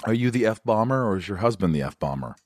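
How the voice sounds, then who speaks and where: Deep-voiced guy hosting a podcast, rambly half sentences, dry close mic. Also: lively intonation, a little fast, no room sound. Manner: chatty, self-deprecating, trails off in half-sentences. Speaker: podcast host. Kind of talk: casual chat.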